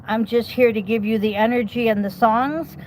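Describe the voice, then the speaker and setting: A woman with a slightly high, darkish voice and fairly even intonation reads tarot outdoors at a normal pace. She's chatty and reassuring, often checking in with okays and rhetorical questions, while the low-quality recording picks up slight background noise.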